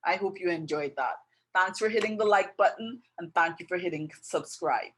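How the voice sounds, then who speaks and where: A woman giving a casual drawing tutorial, gently narrating each step as she draws. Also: fairly low pitch, moderate pace, slight background noise, low-quality recording. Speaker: art tutor. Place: indoors with passing road traffic.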